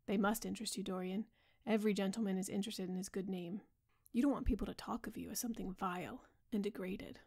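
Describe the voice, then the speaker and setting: A woman reads a grave, earnest painter, pleading with an old friend. His voice stays soft and low-key for a sleepy audiobook, with a gravelly fry underneath. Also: steady tone, fast talker, natural voice. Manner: earnest, pleading, softly spoken. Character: earnest grave male painter, middle-aged. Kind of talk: bedtime audiobook reading.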